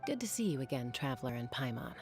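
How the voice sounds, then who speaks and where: A woman voicing a calm, composed young woman warrior in a video game, speaking in a steady, even manner. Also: very deep voice, fast talker, faint music behind. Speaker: game character.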